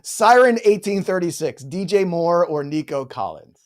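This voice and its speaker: A man's voice: high-pitched, lively intonation, normal speed. A man co-hosting a live fantasy football chat show, bantering and reading out viewer questions.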